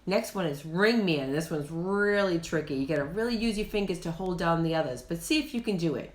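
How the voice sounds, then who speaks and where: A woman hosting a children's show, gently teaching letter sounds and encouraging the kids watching. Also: on the low side, lively intonation. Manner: slow, gentle and encouraging, speaks directly to kids. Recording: roomy echo.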